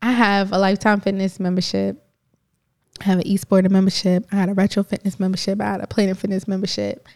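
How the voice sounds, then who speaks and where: A woman co-hosting a casual podcast, talking in a loose, rambling way. She laughs easily and jumps from one tangent to the next. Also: mid-range voice. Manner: animated, rambling, quick to laugh. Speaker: podcast co-host.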